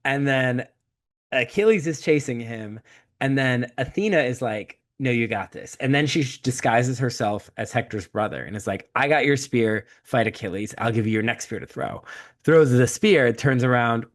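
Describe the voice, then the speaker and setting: A man at mid pitch, chatting casually on a podcast. He retells the plot with a comic, profane edge and slips into quick voices for each character. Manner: animated storytelling, acts out characters with quick voice shifts. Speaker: podcast co-host. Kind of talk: casual chat.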